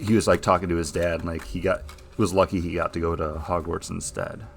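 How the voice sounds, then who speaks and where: A man's voice: low voice, fairly even intonation, a little fast, creaky, slight background noise. A man co-hosting a podcast, riffing wryly and sarcastically in a casual book chat. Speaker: podcast co-host.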